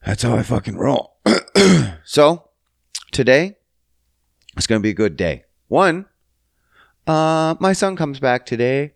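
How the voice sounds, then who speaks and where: Young adult male solo podcast host from Canada, profane and jokey, drawn-out delivery with big playful swoops in pitch. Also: expressive, gravelly, dry recording. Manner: sing-song, jumps high in pitch for silly bits, profane. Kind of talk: solo comedic podcast rant.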